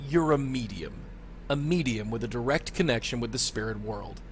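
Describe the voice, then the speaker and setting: A man's voice: mid-range voice, slight background noise, lightly acted. Brief: male actor as a 1930s New York spirit guide, smart-mouthed tough guy, game dialogue. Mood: wisecracking. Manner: fast-talking tough-guy patter. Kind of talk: video game voice acting.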